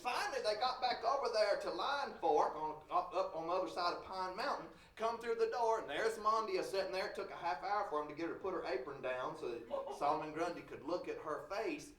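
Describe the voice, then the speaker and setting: A man's voice: high voice, lively intonation, a little fast, few pauses, fairly bright tone. A man telling a folk tale live, folksy, with joking asides to the audience. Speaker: storyteller. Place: conference hall. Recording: roomy hall, distant mic.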